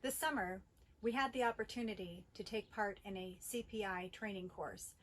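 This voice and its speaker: A middle-aged woman presenting a school bus safety training video in a measured, instructional way, with the occasional filler. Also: mid-range voice, low-quality recording.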